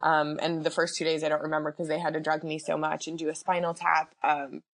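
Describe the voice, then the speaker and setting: A woman's voice: low-pitched, flat delivery, brisk. A woman guest on a podcast, chatting casually about her own life and acting out what people said. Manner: chatty, acts out quoted dialogue. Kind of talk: casual personal storytelling.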